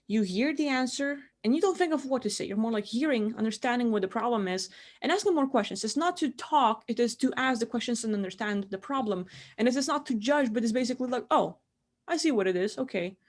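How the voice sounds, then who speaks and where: A woman gives casual guided spiritual instruction from her room in a fairly high, expressive voice, talking fast. As a spiritual teacher she rambles, filling her talk with "like."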